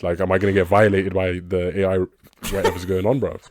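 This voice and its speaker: A man co-hosting a casual podcast chat, skeptical and joking in an animated way. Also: low-pitched, fairly quick, noisy background. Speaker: podcast co-host.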